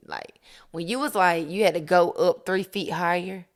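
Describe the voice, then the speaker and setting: A woman on a faith podcast in casual chat, speaking in an excited, emphatic, almost preaching way. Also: lowish voice, normal speed.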